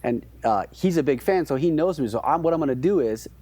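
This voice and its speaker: A man's voice: fairly high pitch, lively intonation, fast, warm tone, no room sound. A man co-hosting a podcast, telling an anecdote in a rambling, hesitant way with many restarts. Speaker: podcast co-host. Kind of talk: casual chat, storytelling.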